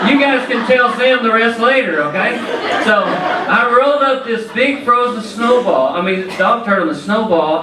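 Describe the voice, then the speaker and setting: A man from the Southern US with a very high voice and lively intonation tells folksy stories to an audience in a large indoor event hall, speaking at a moderate pace. As the featured speaker, he jokes and addresses the crowd directly. The recording is very noisy, echoey, and captured from far off.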